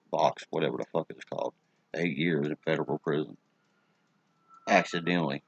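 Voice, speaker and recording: A man's voice: very deep voice, dry recording, lo-fi sound. A man with a West Virginia accent hosting a livestream, ranting profanely and answering chat. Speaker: livestream host. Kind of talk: casual livestream chat, reading the chat.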